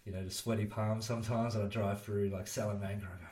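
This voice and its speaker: A man's voice: on the low side, flat delivery, fast talker, darkish tone. An Australian man who is a guest on a podcast, talking loosely with many fillers and swearing. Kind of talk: casual chat. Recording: roomy echo.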